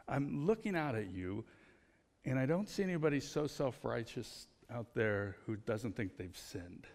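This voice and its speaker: Gravelly pastor preaching in a reverberant hall. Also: male voice, mid-range voice. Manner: conversational storytelling, animated. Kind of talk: sermon.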